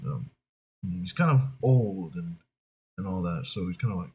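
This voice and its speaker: A man's voice: low voice, expressive, normal speed, darkish tone, lo-fi sound. A man from New York, a voice actor, chatting casually and thinking aloud with many fillers. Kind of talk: casual talk to camera.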